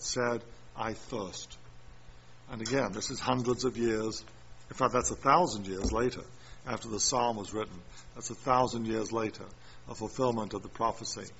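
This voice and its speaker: A man preaching a sermon, reading scripture and repeating chapter and verse. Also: mid-range voice. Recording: muffled recording with faint room noise.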